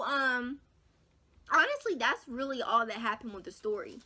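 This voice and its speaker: A young woman vlogger tells a story straight to her viewers in a casual, slangy way. Her voice sits a little high and sounds bright and forceful. Her delivery is animated and dramatic, with big jumps in pitch and loudness. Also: moderate pace. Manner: casual slangy talk, addresses viewers as y'all. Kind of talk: storytime vlog.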